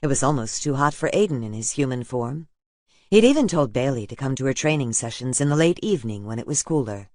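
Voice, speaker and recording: A man reading a fantasy audiobook in a steady, even narration. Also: mid-range voice, fairly quick, no echo, studio quality.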